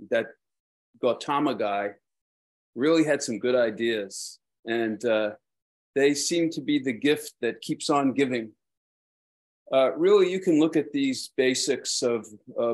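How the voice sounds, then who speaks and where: A man with a Brooklyn accent giving a dharma talk as a Buddhist teacher, rambling and self-deprecating, with frequent hesitations. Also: mid-range voice.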